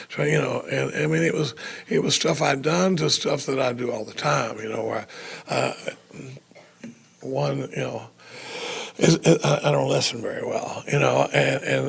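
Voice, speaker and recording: Raspy gravelly guy rambling thru a funny story at a retreat, lots of restarts. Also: a little high, fairly bright tone. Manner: rambling, self-mocking, many restarts. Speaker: recovery retreat speaker. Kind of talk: storytelling talk to a live audience. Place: retreat meeting room with audience.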